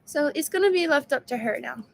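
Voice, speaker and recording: Woman vlogger, exhausted and emotional, frank casual talk, a touch high-pitched. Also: expressive, a little fast, gravelly. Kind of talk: casual personal video update.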